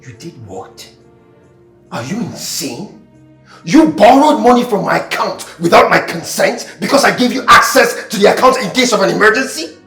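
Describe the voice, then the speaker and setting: An actor with a Nigerian accent playing a broke, desperate young husband who pleads and stammers in a film drama. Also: male voice, mid-range voice, very animated, normal speed, vocal fry. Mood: outraged. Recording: echoey room with music.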